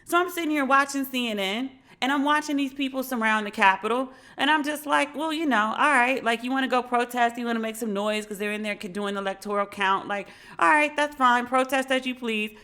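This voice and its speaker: A woman in her forties hosting a podcast, telling a story in a casual, profane, animated way and shrieking when she reenacts moments. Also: on the high side, a little fast, hardly any pauses. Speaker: podcast host. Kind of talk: casual monologue.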